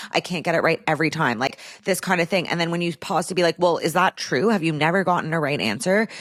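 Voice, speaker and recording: Low-voiced woman in chatty podcast talk. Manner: chatty and candid, heavy use of "like". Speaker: podcast host. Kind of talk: casual solo podcast chat. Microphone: podcast microphone.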